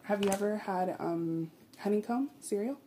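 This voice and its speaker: A woman's voice: medium pitch, mellow, a little hiss or hum. A woman hosting her podcast in a casual, giggly chat, sometimes drawing out words in a sing-song way. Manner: chatty, giggly, drawn-out sing-song intro. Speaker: podcast host.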